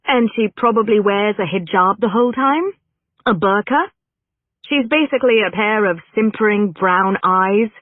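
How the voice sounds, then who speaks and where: A narrator voicing a sharp-tongued young actress woman who answers with quick, indignant retorts. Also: mid-range voice, very animated, dry recording, pitched above the performer's own voice. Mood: exasperated. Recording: narrow phone-like band, dry.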